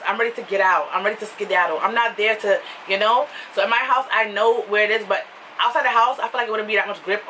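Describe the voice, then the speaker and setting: A young woman with a New York accent telling a story to camera in a casual, animated way, laughing and jumping into high excited voices. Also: recorded from a distance, slight background noise, poor audio. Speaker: vlogger.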